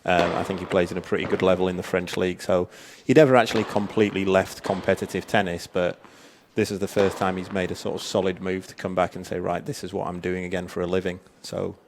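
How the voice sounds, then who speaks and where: A man talks tennis as co-commentator with a fairly low voice. He talks quickly and chattily, often restarting his sentences. A light hiss sits under him. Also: level tone, vocal fry. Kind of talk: sports commentary analysis.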